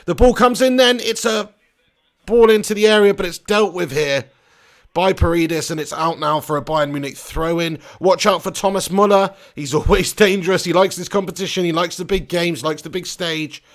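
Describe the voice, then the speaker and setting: Hosting a live football watch-along, a man comments on the match and reads viewers' comments in a chatty, jokey, rambling style heavy on banter. His voice sits high, with fairly even intonation and a moderate pace.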